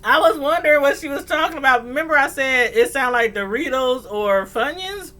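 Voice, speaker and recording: Woman host, middle-aged, bright tone, laughs a lot, reads the chat. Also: sits high, lively intonation, normal speed. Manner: laughs often, reads chat comments aloud. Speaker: livestream host. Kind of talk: casual chat.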